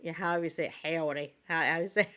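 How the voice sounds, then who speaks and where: A woman's voice: lowish voice, fairly even intonation, racing, pushed and bright. A woman hosting a casual live stream, greeting viewers by name and teasing her co-host with frequent laughter.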